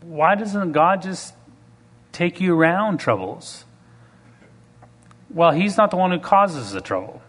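Man preaching an animated sermon. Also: a little high, takes it slowly, pauses often. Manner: animated, rising to emphatic preaching with acted-out quotes. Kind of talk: sermon with storytelling.

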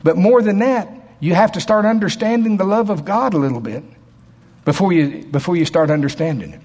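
A man preaching a sermon in a folksy, emphatic way, dropping to quiet asides and rising to loud, shouted passages. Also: high-pitched, a little fast. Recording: long hall reverb.

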